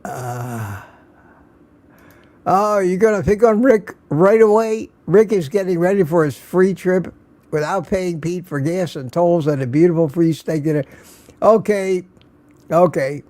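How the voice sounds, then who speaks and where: Slow-talking older man hosting a live stream. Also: high voice, a little mellow. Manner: greets viewers by name one after another, chuckling often. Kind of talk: casual live stream chat.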